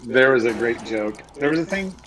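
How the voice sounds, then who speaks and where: A man's voice: mid-range voice, expressive, normal speed, a crowd in the background. A man hosting a casual stream, chatty and laughing as he tells stories. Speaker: game director and stream host.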